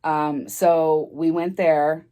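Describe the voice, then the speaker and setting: Woman w/ a low voice rambling thru a storytime vlog, lots of ums and restarts, laughs here and there. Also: flat delivery, drawn-out words, dark tone. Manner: rambling, with many fillers and restarts; chatty, laughs as she talks. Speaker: vlogger telling a story. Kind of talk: casual storytime chat.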